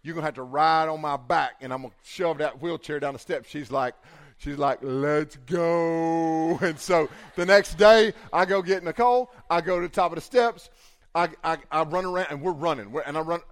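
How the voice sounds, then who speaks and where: A young man preaching, telling a comic, animated story with big swings in volume. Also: a little high, fairly quick. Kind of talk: storytelling sermon.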